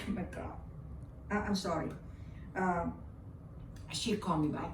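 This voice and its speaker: Here an older woman from Vietnam, interviewed as a guest, shares a heartfelt personal story in accented English, a second language for her, often repeating herself. Her medium-pitched voice stays fairly even at a moderate pace, broken by long pauses. The sound is roomy and far off, with a faint hiss behind it.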